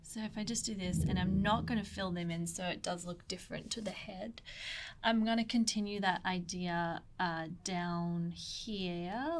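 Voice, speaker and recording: A young Australian woman guides viewers step by step through an ink drawing in a casual tutorial, her voice at a middling pitch. She rambles and chats with fillers, self-deprecating jokes and side stories, often dropping to a near murmur as she concentrates on the page.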